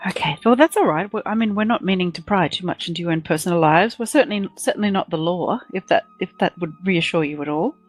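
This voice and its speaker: A woman's voice: on the low side, fast talker, hardly any pauses, soft background music, rough recording. A woman playing a character in a tabletop game, speaking in a polite, slightly formal way. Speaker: player.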